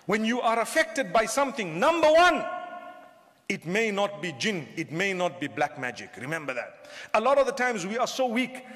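A man's voice: high voice, sing-song, normal speed, a bit bright. A man preaching a humorous sermon to a crowd, often asking them questions. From southern Africa. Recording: long hall reverb.

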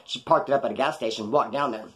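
A man's voice: medium pitch, fast, fairly bright tone. A man telling stories from his past in a casual, rambling, slangy way. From California, USA. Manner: rambling, slangy, acts out quoted voices. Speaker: storyteller recounting his past. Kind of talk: casual storytelling on a live stream.

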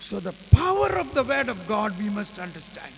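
Slow, high-pitched, gravelly preacher man. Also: sing-song, a bit bright. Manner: slow, storytelling, leads the group in prayer and hallelujahs. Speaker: preacher leading a workshop. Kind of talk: sermon with storytelling and prayer. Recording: reverberant hall with faint mains hum.

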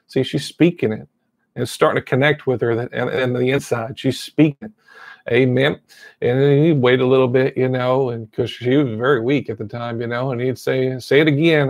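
Gravelly-voiced man preaching a sermon. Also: mid-range voice, a little fast, no echo. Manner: repeats amen often, storytelling. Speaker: pastor.

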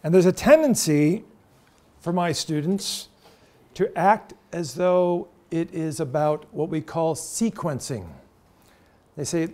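A middle-aged man addresses a room of university students. His voice sits somewhat high for a man, and he talks in an earnest, storytelling way, often turning to the listeners with direct questions. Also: lively intonation, slow pace, pauses often, mellow. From United States. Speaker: lecturer. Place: lecture room.

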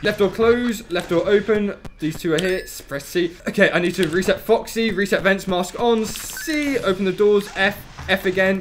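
A young man streaming a video game, rattling off his controls under his breath and breaking into panicked shouts. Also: high-pitched, slight background noise. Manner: rapid muttered narration of controls, bursts of panicked shouting. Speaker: gameplay streamer. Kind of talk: let's play commentary.

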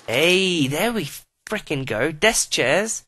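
Swearing, lively-voiced man narrating gameplay. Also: on the high side, slow pace. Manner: profane, exasperated running chatter at the game. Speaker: let's play host. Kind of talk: video game commentary.

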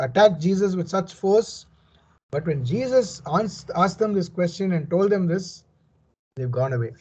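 Man, Bible commentary, earnest and emphatic, fairly high voice, breathy, dull lo-fi sound. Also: darkish tone. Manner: earnest, emphatic explaining with frequent "you know". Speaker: Bible teacher.

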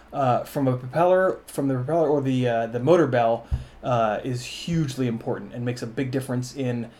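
A man's voice: medium pitch, darkish tone. A man hosting a drone channel, reviewing gear casually at a workbench, rambling and correcting himself, with a bit of swearing. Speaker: FPV drone channel host.

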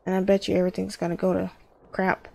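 A woman's voice: medium pitch, completely flat delivery, fast talker, creaky, mellow. A woman commentating her own horror game playthrough, jumpy and exclaiming, talking to herself and her viewers. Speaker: gamer. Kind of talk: horror let's play commentary.

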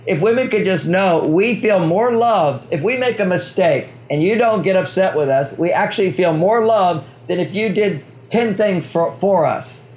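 A man's voice: high-pitched, expressive, moderate pace, few pauses, darkish tone, muffled recording. A man speaking as an author guest in a conversational interview, explaining in a playful way and chuckling often.

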